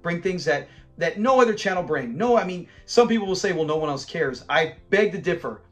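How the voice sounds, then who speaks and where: A man with a slightly higher-pitched voice hosts a fan channel and talks through an old sitcom episode in a loose, chatty way. He retells the scenes with plenty of energy, acting out bits of dialogue and laughing along, while soft music plays faintly in the background. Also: expressive, brisk. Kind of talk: casual episode recap commentary.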